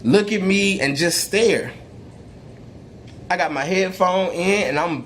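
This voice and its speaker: A young male vlogger with a high, fairly bright voice talks slowly to camera about faith and perseverance. He preaches emphatically in slangy street talk, testifying and restarting often, with slight background noise.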